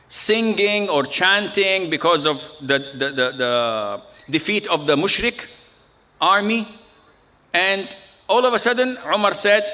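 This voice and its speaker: Male preacher, bright and fairly high voice, storytelling sermon at an Islamic center. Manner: storytelling with quoted dialogue, frequent Arabic phrases.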